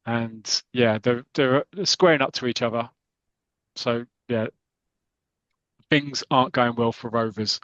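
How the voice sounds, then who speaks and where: A man's voice: medium pitch, fairly even intonation, measured pace, a bit bright, no echo, highs cut off. A man hosting a podcast, casually retelling a comic story in a rambling, chatty way. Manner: rambling, many fillers and restarts, chatty. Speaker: podcast host.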